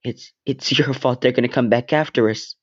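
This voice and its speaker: A man's voice: medium pitch, moderate pace, highs cut off, lightly acted. A man voicing a frightened mother who stammers in panic. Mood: panicked. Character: frightened panicking mother, middle-aged woman.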